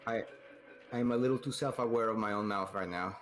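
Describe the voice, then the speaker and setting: A man's voice: on the low side, a little fast, soft background music. Reassuring man in casual stream chat.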